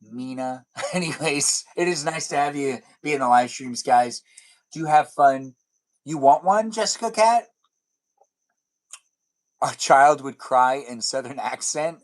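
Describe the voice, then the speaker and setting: A man hosting a livestream in casual, playful chat, rambling and sometimes drawing words out slowly. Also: medium pitch, steady tone. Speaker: livestream host.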